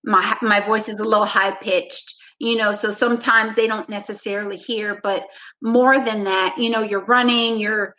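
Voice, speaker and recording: A woman's voice: medium pitch, moderate pace, poor audio. Woman coach telling a reflective story. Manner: relaxed, reflective storyteller who acts out her own past lines; frequent "you know" fillers. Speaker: basketball coach, podcast guest. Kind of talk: storytelling in a conversational interview.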